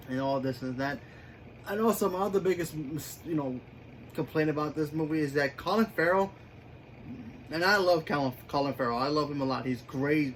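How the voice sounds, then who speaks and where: A man's voice: on the high side, a little hiss or hum, poor audio. A man giving a casual spoken movie review, rambling with many fillers and restarts.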